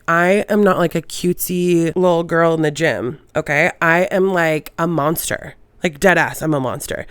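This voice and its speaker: A young woman hosting a podcast, telling casual stories with lots of swearing and animated retellings. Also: lowish voice, smooth, no echo. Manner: swears freely, animated retelling with quoted voices. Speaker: podcast host. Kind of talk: casual storytelling monologue.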